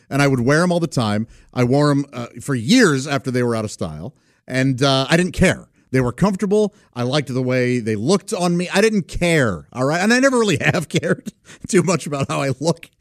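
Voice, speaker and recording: A man in his forties tells wandering, self-deprecating stories during a casual chat, often laughing along the way. His voice is fairly high, recorded at studio quality with no room sound.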